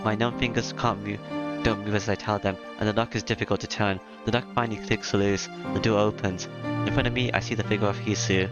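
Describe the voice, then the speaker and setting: A man with a lowish voice reads a visual novel aloud, stumbling now and then with small fillers. The recording is dull and lo-fi, with music clearly playing underneath. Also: little pitch movement. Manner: halting read with fillers. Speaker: game narrator.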